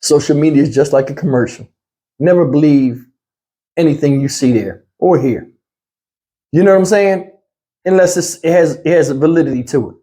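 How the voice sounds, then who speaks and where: A man's voice: fairly high pitch, normal speed, pauses often, warm tone. A man hosting a reaction channel, talking in a blunt, heated, slangy way straight to his viewers. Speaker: commentary channel host. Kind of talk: casual reaction commentary.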